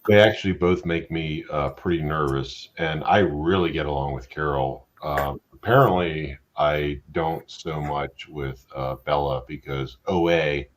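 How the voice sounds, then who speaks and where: A man's voice: rumbling low, a little slow, few pauses. A middle-aged man hosting a casual live-stream chat, blunt and profane, joking around. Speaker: host.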